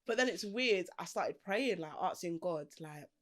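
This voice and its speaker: A woman's voice: fairly low pitch, lively intonation, moderate pace, crowd noise. A young woman, a podcast guest telling her story in a chatty, casual way, laughing often and acting out the voices of people she quotes. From Britain. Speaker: podcast guest, fashion designer.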